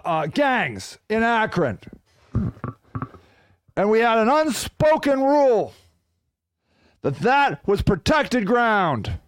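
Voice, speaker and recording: A man hosting his own podcast, ranting in a profane, fiery way that swings from loud outbursts to low, muttered growls. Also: clean tone, no room sound. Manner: animated, ranting. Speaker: podcast host. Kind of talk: solo podcast rant.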